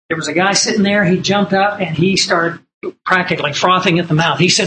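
A man's voice: high-pitched, fairly even intonation, normal speed, bright, forceful tone, a little hiss or hum, poor audio. A man preaching a sermon from printed notes, earnest and emphatic, repeating key lines and telling stories.

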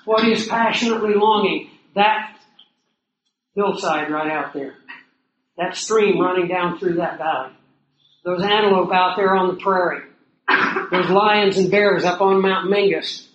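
With long pauses and a slightly slow pace, a man preaches conversationally and quizzes his audience with rhetorical questions. His voice sits high and fairly bright, but the sound is lo-fi, echoing roomily with faint noise. He appears to be outdoors or in a lodge near hills and prairie.

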